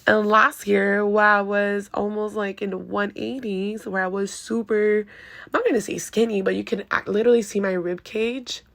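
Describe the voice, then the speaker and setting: Candid woman host with a gravelly edge. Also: medium pitch, steady tone, moderate pace, a bit bright. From Venezuela. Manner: candid and chatty, heavy use of "like". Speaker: podcast host. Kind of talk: casual personal monologue.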